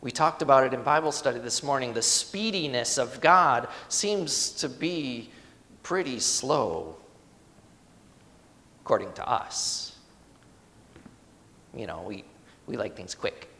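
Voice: mid-range voice, expressive, slow pace, pauses often, bright, forceful tone, in a large hall. A pastor preaching a sermon in a conversational, emphatic way, asking the congregation rhetorical questions.

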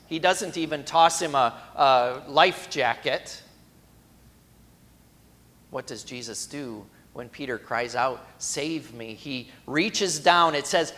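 A man preaching a sermon in a fairly high voice. He moves from loud, emphatic cries to quiet, hushed passages. He slips into chatty made-up quotes along the way. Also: long reverb tail. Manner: acts out imagined quotes in conversational voices. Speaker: pastor.

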